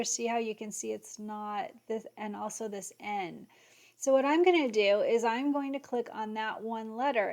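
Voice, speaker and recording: Gushing woman with a higher voice. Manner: gushing and excitable, muttering to herself. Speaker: embroidery software tutorial host. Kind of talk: screen-share software tutorial.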